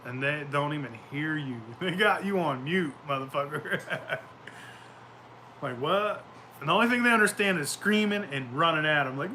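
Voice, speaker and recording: A man's voice: fairly high pitch, animated, moderate pace, pushed and bright, slight background noise. A man chatting casually outdoors at home, telling rambling, profane stories and laughing often. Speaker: vlogger. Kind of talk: casual chat.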